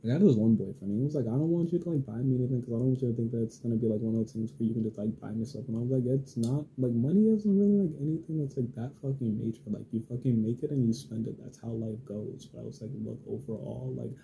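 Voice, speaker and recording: A man's voice: mid-range voice, fast talker, creaky, hardly any pauses, slight background noise, poor audio. A young man telling a dating story in a casual vlog, rambling with lots of fillers and swearing, acting out his own and others' lines. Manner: rambling, heavy use of filler and swearing, animated quoted dialogue. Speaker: vlogger.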